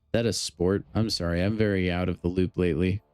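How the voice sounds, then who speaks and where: A man's voice: low-pitched, steady tone, fast talker, darkish tone, clean tone, dry recording, soft background music. A man chatting casually on a gaming live stream, joking and talking straight to his chat. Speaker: game streamer.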